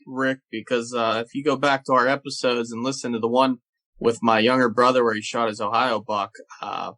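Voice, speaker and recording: A man hosting a podcast, talking casually and relaxed with filler pauses. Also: mid-range voice. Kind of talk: casual chat.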